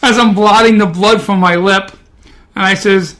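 A man with a Brooklyn accent hosts a casual podcast and talks in a fairly high voice. He rambles, pokes fun at himself and fills his sentences with ums and uhs. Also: steady tone, moderate pace, a bit bright, a little hiss or hum. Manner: joking, self-deprecating, rambling with fillers. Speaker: podcast host.

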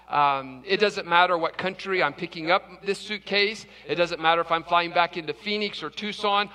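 A male pastor telling an animated personal story in a sermon, stumbling and restarting often. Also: high-pitched, long reverb tail.

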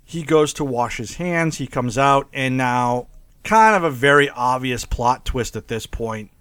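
Animated man recapping a movie. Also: mid-range voice, unhurried, clean tone, dry recording. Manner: animated, acts out scenes with mock quotes and laughs. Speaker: podcast co-host. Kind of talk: casual movie discussion.

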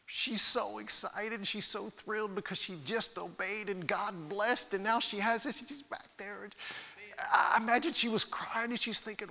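A man's voice: high voice, steady tone, moderate pace, gravelly, pushed and bright, long reverb tail. A man preaching a sermon, retelling a Bible story with dramatic storytelling and acted-out voices. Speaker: pastor.

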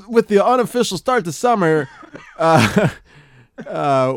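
A man's voice: a little high, clean tone, no echo, studio quality. A man co-hosting a podcast, teasing the others in laid-back casual banter. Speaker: podcast co-host. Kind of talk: casual chat.

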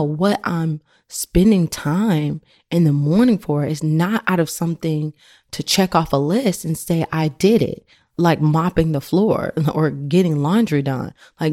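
A middle-aged woman hosts a faith podcast in an earnest, conversational way, sprinkling her talk with "you know." Her voice sits low and sounds mellow. The recording is dry and close. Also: no echo. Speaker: podcast host.

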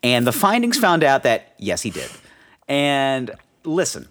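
Joking podcast man with lively pitch. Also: unhurried. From family from South Jersey and Philadelphia. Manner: joking, laughs often, profane, does mock voices of relatives. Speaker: podcast co-host. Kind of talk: casual chat.

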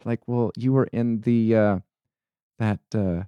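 A young man co-hosting a casual podcast, telling a rambling story with halting restarts. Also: fairly low pitch, steady tone, clear, resonant tone, no echo, muffled recording. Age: young adult. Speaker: podcast co-host.

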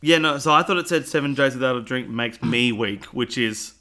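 Man, podcast co-host, casual chat, bright voice, wry, rambling, self-correcting. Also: medium pitch, a little fast.

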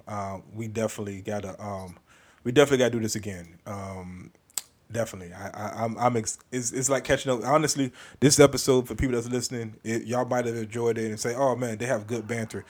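A man's voice: lowish voice, fairly even intonation, fast talker, darkish tone. A man hosting a podcast in casual chat, laid-back, laughing often and repeating himself as he talks. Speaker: podcast host.

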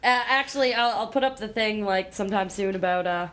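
A woman's voice: mid-range voice, brisk, fairly bright tone. A woman co-hosting a casual radio talk show, teasing and giggling through her stories. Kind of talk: casual studio banter. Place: radio studio.

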